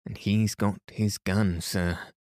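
A stubborn, gruff manservant talks low and firm in a rustic way, as a man puts him on. His deep voice moves slowly and stays flat, dry and close. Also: no room sound.

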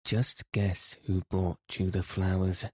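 A man's voice: low-pitched, level tone, slow pace, darkish tone, husky, no echo, studio quality, exaggerated voice. A man reading the lines of an eager, cheerful young girl in an audiobook.

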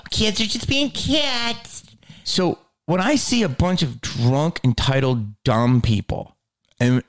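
A man delivering a heated, profane ranting monologue, swinging between low growls and high outbursts. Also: fairly bright tone.

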